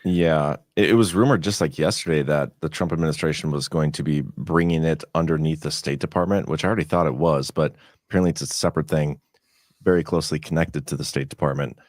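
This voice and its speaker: A man co-hosting a casual livestream, chatting in a relaxed way and adding news tidbits. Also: very deep voice, fast, no echo, clean studio sound. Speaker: co-host.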